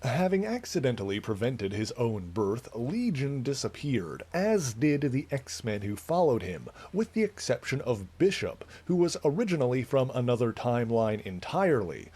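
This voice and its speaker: A man at home on a live game stream, speaking into a desk microphone at an ordinary mid pitch. His talk is loose and playful, wandering between what is happening in the game and teasing remarks to his cat. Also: big pitch swings, normal speed, few pauses, darkish tone, slightly rough.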